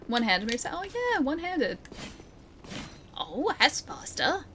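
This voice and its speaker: A woman's voice: high voice, huge pitch swings, measured pace, fairly bright tone, slight background noise, poor audio. A woman streaming a video game, chatting and giggling with her viewers as she plays. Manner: chatty, giggly, talks to chat while playing. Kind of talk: casual gameplay commentary. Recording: game music playing behind.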